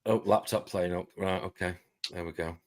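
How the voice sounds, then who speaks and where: A man hosting a casual live stream, chatting quickly and greeting viewers by name. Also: low-pitched, fairly even intonation, darkish tone. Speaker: host.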